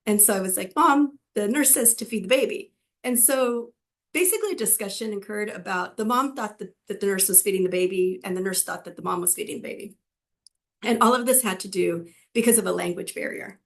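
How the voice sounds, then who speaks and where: A middle-aged Californian woman, a physician assistant and educator, tells students her personal story. Her medium-pitched voice is brisk and creaky, and she speaks conversationally with frequent fillers and restarts.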